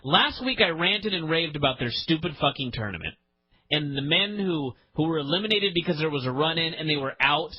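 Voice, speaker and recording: A man with a slightly high, slightly rough voice and lively intonation hosts a wrestling podcast, venting in a fast-shifting, profane, exasperated rant about a show he hates. The highs in the audio are cut off.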